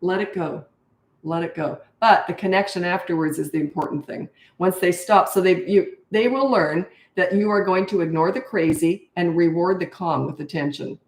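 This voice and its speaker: Low-voiced older woman giving blunt advice. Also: normal speed, slight background noise. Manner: direct, matter-of-fact advice, acts out kids in high voices. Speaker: parenting coach. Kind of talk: live Q&A answering viewer questions. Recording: echoey room.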